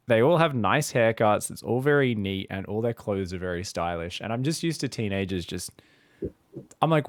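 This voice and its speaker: A man with a fairly low voice leads a relaxed coaching session on stream, chatting freely between the lessons. He laughs easily and drops in the odd swear word. He sounds like he is speaking into a desk or headset mic on a voice call. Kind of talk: casual coaching chat on stream.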